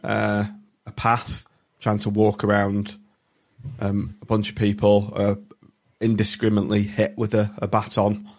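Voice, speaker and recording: A man leads a podcast chat in a low, flat voice. He talks in a measured way and stops often with ums and uhs. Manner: measured, hesitant, lots of fillers. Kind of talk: casual chat.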